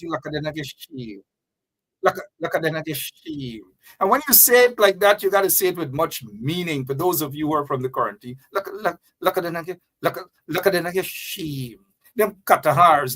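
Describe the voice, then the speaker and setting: A man with a fairly high voice hosts a political commentary show. He mocks with sing-song repetition and teasing asides. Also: sharp tone.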